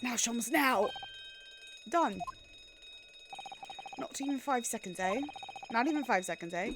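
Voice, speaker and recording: Pompous gentleman sleuth, read aloud by a woman; grandiose, teasing, theatrical, game music underneath. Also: a little high, animated, unhurried, voice pushed up. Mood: smug. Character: pompous eccentric male British detective.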